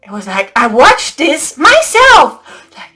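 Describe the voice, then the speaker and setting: Woman host, spiritual storyteller, high voice, slow delivery, laughs often; faint music bed. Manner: laughs often, excitable, conspiratorial whispers.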